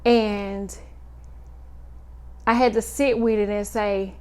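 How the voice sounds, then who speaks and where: Woman, 30s, vlogging mom; unhurried, halting delivery, lots of ums, mid-pitched. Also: flat delivery, a little mellow. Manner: slow, halting, many fillers and pauses. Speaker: mother vlogger. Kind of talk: personal reflective monologue.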